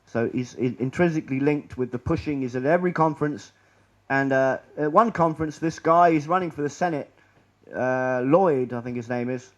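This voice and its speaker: A man giving a public presentation in a lecture room, rambling and sardonic, often trailing off quietly. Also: medium pitch, normal speed, dull audio.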